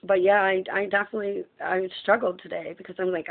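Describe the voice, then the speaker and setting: A woman's voice: mid-range voice, little pitch movement, quick pace, vocal fry, hardly any pauses. A woman speaking in an impassioned, profane personal monologue, ranting at length. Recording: tinny phone-like sound.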